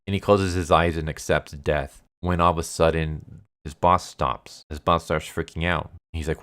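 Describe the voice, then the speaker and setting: A man's voice: low voice, fairly even intonation, moderate pace, a bit bright, clean tone. A man casually retelling a story, loose and chatty, with lots of filler words. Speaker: manga recap narrator.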